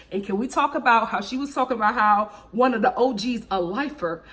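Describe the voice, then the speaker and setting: A woman hosting a casual reality TV review, sassy and animated, laughing often and acting out what the cast said. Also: a little high, brisk, few pauses, slight background noise. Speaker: reality TV recap host.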